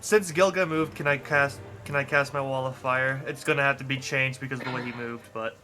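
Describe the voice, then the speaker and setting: A man's voice: medium pitch, fairly even intonation, fairly quick, over music. A man playing a tabletop game, explaining spells and rules matter-of-factly. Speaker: player.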